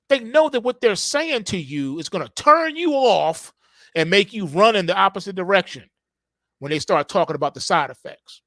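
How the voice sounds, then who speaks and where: A man hosting a market show, telling a casual comic monologue in an animated, slangy way. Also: high voice, dry recording, clean studio sound. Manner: animated, voices quotes, slangy.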